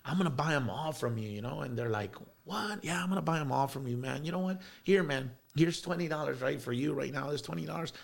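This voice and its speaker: A man's voice: medium pitch, fast, creaky, few pauses. A man, telling a heartfelt story as an interview guest, rambling with many fillers and bits of Spanish slang. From South Texas.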